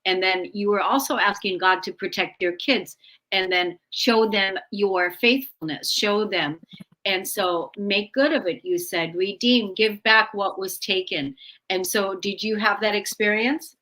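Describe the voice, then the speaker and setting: A woman interviewing a guest, gently recapping the guest's words before asking her question. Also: mid-range voice, unhurried, low-quality recording.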